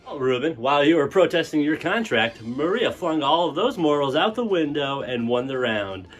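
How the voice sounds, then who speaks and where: A man's voice: on the high side, sing-song, normal speed, faint music behind. A man playing a smug game show host who mocks and exploits his contestants in a showman's announcing manner.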